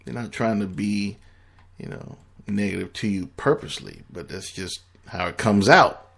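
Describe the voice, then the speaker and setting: A man's voice: lowish voice, moderate pace, vocal fry, a bit bright. A man giving blunt, profane relationship advice in a casual, rambling monologue.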